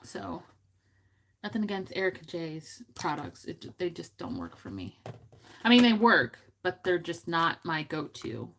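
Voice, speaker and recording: A woman with a slightly low speaking voice chats her way through a makeup tutorial at home. She talks casually and playfully, giggling and tossing in silly asides as she works. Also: sing-song, a little slow, vocal fry, fairly bright tone, slight background noise. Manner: chatty, giggly, goofy asides. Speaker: beauty vlogger. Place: home room.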